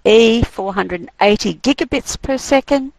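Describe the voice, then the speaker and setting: A woman hosting a quiz on a course broadcast, reading the questions and options slowly and deliberately, often giggling. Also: on the high side, vocal fry, a little mellow, no room sound, rough recording.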